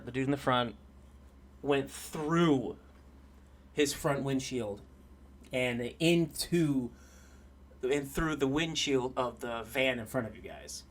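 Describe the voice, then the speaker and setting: A man narrating as game master of a tabletop role-playing game, loose and casual with fillers, breaking into loud bursts for figures. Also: mid-range voice. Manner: loose, laughing, with fillers and shouted bits for figures.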